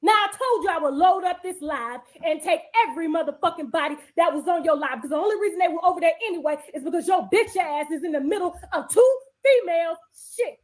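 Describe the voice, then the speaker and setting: Very high-voiced woman ranting angrily. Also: expressive, fast, hardly any pauses. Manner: combative, cursing, repeating phrases for emphasis. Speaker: live-stream host. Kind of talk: angry profane rant on a live stream.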